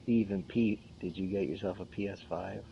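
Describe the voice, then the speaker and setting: A man's voice: low voice, fairly even intonation, normal speed, creaky, highs cut off, slight background noise. A man hosting a gaming stream, chatting casually and rambling through funny stories with frequent laughs. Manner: rambling storyteller, laughs often. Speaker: game stream host. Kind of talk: casual chat while gaming.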